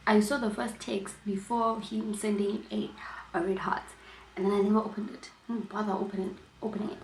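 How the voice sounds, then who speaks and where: A woman vlogger telling a personal story in a casual storytime chat, animated and emphatic, often repeating herself. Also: mid-range voice, echoey room, a little hiss or hum, poor audio.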